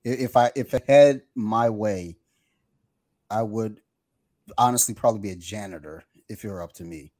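A man's voice: fairly low pitch, normal speed, long pauses, darkish tone, no echo. A man in casual conversation, telling a rambling, profane story and acting out the people on the phone. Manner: rambling storyteller, swears, acts out phone callers. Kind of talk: casual chat.

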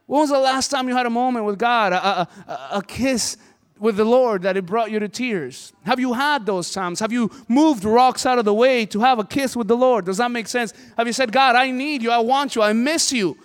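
A man's voice: extremely high pitch, normal speed, smooth. A man preaching a sermon as pastor, impassioned and conversational. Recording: hall reverb.

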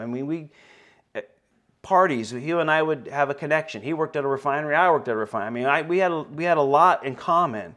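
A man, a pastor, telling a personal story in a sermon, often halting and repeating words, his voice lifting at the emotional points. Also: a little high, fairly bright tone.

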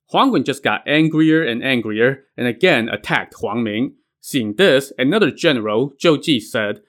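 A man's voice: mid-range voice, expressive, moderate pace, hardly any pauses, a bit bright. A man casually retelling an old myth in wry, colloquial narration as host. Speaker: storyteller.

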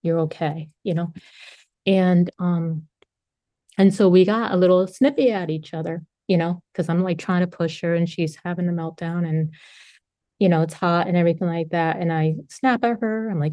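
Middle-aged woman, recovery-meeting share; candid and casual, curses freely, lower register, dry. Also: steady tone, moderate pace, warm tone, no echo. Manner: frank, conversational, swears freely. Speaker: speaker sharing at a recovery meeting.

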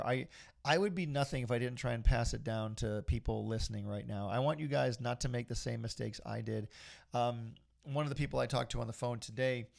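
A man's voice: mid-range voice, vocal fry, darkish tone. A middle-aged man hosting a casual podcast, talking in an upbeat, rambling, motivational way. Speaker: podcast host.

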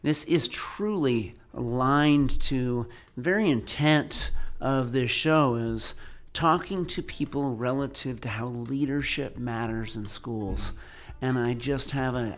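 Male podcast host, measured and reflective, mid-pitched voice. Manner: measured, reflective, thanks the guest at length. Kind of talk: podcast interview.

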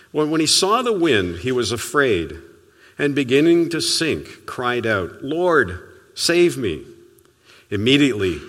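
A man preaching a sermon as a pastor, telling stories in a conversational way and often dropping to a soft, quiet voice. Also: medium pitch, long reverb tail. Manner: conversational, storytelling preaching with sudden soft drops.

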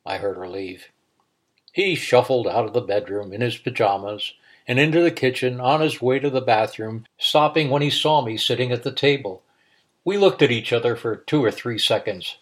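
A middle-aged man reading a personal story aloud in a reflective way, stammering and halting when quoting himself. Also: medium pitch.

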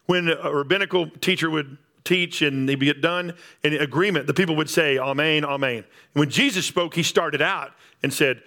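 A man's voice: fairly high pitch, a little fast, bright, forceful tone. A man preaching a sermon, emphatic and repetitive, building up on key phrases. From Texas Panhandle. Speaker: pastor.

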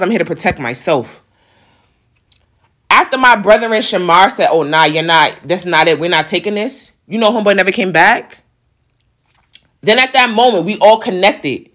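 A woman's voice: medium pitch, a bit bright. A woman vlogger telling a personal story in casual, emphatic slang, talking straight to her viewers. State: on the verge of tears.

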